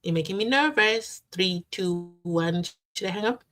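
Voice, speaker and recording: Woman, live-stream host, animated and chatty. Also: fairly low pitch, moderate pace. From South Africa. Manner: animated, chatty, breaks into sing-song. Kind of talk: casual live-stream chat reading comments.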